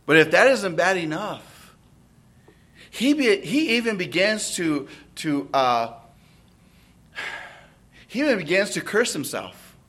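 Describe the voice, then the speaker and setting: A man's voice: high-pitched, very animated, takes it slowly, pauses often, a bit bright. A man preaching an expository sermon, often checking in with listeners through tag questions.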